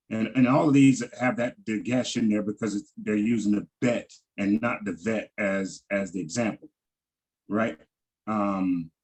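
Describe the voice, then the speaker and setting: A man teaching a Hebrew vowel lesson over a video call, halting and repeating words and often checking in with "right?". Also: fairly low pitch, rough recording.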